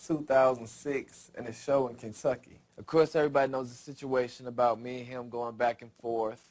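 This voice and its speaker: A man calmly explaining his side of a story in a documentary interview. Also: mid-range voice, a little fast.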